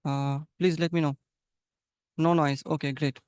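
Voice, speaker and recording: High, clear-voiced man teaching. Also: little pitch movement, measured pace, a little mellow, no echo, studio quality. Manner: encouraging, repeats phrases, coaching tone. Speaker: English conversation teacher. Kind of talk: live webinar teaching. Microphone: video call.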